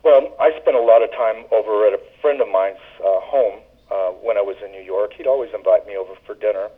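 A man's voice: fairly low pitch, a little fast. A man who calls in and tells rambling stories about his years as a flight attendant, with lots of ums and uhs. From Southern US. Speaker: caller, former flight attendant. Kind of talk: casual storytelling. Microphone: telephone. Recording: tinny phone line.

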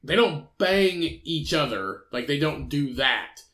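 A man's voice: a little high, very animated, pushed and bright. A man co-hosting a podcast, reading out a news story and ranting with heavy profanity in casual chat. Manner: profane, ranting, quick bursts. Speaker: podcast co-host.

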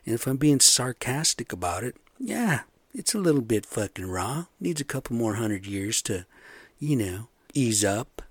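A man ranting in a profane, sarcastic monologue, swinging between loud outbursts and low muttering. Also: big pitch swings, normal speed, husky, no echo.

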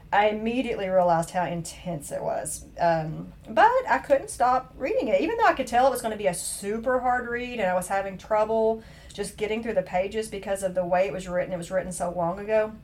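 A woman's voice: medium pitch, a little mellow. A middle-aged woman hosting a podcast alone, chatting casually in a chatty, self-mocking way with playful exaggeration. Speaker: podcast host. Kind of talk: casual solo podcast chat.

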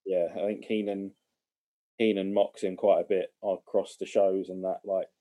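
Male podcast co-host, low warm voice, easygoing and hesitant delivery. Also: normal speed. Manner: relaxed, hesitant, with fillers. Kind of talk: casual chat.

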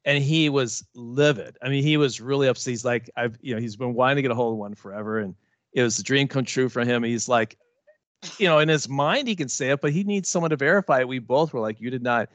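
A man's voice: mid-range voice, quick pace, a bit bright, no echo. Rambling storytelling man, dry sound. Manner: rambling storyteller with many restarts. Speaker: podcast co-host. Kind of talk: casual chat, storytelling.

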